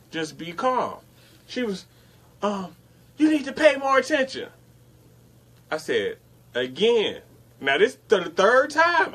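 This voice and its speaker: A young man casually telling a story on a talk show and acting out what other people said. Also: a little high. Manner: animated retelling, acts out others' lines. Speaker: podcast co-host.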